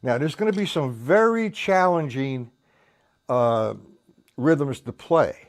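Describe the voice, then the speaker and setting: A man with a mid-range voice and big pitch swings talks slowly, leaving long pauses. He's a drum teacher running a live-streamed lesson, rambling loosely and counting beats aloud while a drum kit plays. He's tired from staying up all night.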